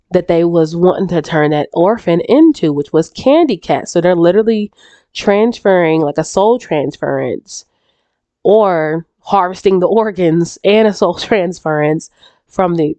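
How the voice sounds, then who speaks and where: A woman's voice: fairly low pitch, dark tone, no room sound. A woman with a stuffy, congested voice and a sore throat, chatting casually through game theories, rambling and often restarting her sentences. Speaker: YouTube reaction creator.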